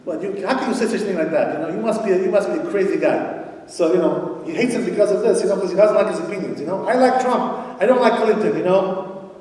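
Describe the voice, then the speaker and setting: Speaking quickly in a high, mellow voice, a male rabbi lectures a congregation on Torah at an evening synagogue event. His style is conversational, peppered with "you know" and rhetorical questions, heard far off in an echoing hall.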